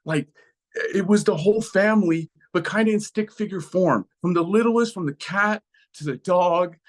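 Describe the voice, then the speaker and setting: A man's voice: high voice, moderate pace. A man telling an emotional personal story as a guest speaker, acting out voices from it with lots of life. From USA. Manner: animated, acts out voices in his story.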